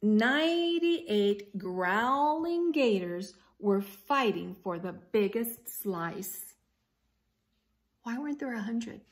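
Woman reading a kids' story aloud, teacher-style, very slow and expressive, slightly high voice. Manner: slow, expressive, asks listeners questions. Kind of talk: children's story read-aloud.

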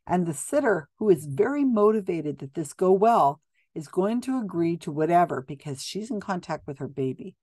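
Lady picking apart psychic clips, blunt and skeptical, lots of ums, lowish voice. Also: lively intonation, normal speed, warm tone, no echo, clean studio sound. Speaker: commentator reviewing psychic videos. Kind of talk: casual video commentary.

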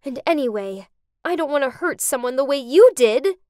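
A woman voicing Tracy, an earnest, principled young woman in an animated story. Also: high voice, normal speed, dry recording, studio quality. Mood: firm.

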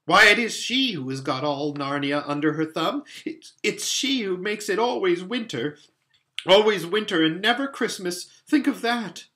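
A man playing a weeping faun, sorrowful, bright, storybook reading. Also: sits high, expressive, normal speed, voice pushed up. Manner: sobbing, sorrowful. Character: tearful guilt-ridden male faun.

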